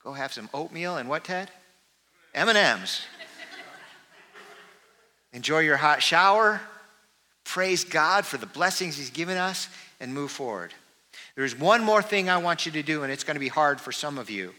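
A man preaching a sermon as pastor, earnest and moving between lifted calls and soft confiding asides. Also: on the high side, expressive, normal speed. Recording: hall reverb.

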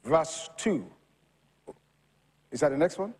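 A high-voiced male preacher who delivers his sermon slowly and deliberately, his pitch leaping up and down as he goes. He moves from hushed scripture reading to bursts of shouting. A long hall reverb trails after each phrase. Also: husky. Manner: lively preaching that swings from quiet reading to loud shouting.

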